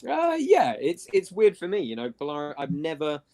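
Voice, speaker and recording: A man's voice: a little high, wildly swooping pitch, normal speed, darkish tone. An Englishman with a standard newsreader accent, a broadcaster and guest, chatting casually and laughing easily. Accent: standard southern English, newsreader style. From England. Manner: self-deprecating, laughs easily. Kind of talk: casual chat.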